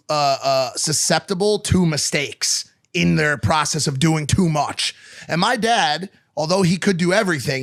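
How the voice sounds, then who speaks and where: A man in his thirties telling stories in casual podcast chat, profane and animated. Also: on the high side, dry recording, studio quality. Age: 30s. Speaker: podcast co-host.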